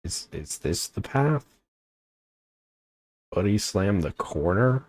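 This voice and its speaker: A man's voice: fairly low pitch, very animated, slow pace, dry recording. A young man streaming a game, chatting casually in a rambling, joking way and often cutting himself off. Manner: rambling, joking, self-interrupting. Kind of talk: casual gaming livestream chat.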